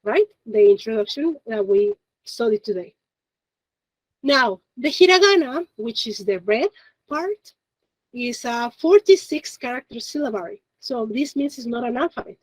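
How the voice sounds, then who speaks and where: A woman's voice: fairly high pitch, lively intonation, unhurried, no room sound, low-quality recording. A woman teaching a beginner Japanese class, explaining step by step in a chatty way and laughing often. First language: Spanish. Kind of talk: classroom lesson.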